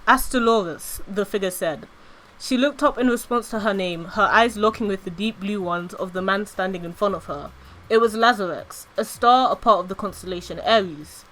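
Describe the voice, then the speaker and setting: A woman streamer reading her own story aloud with expressive storytelling narration. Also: medium pitch, normal speed, low-quality recording.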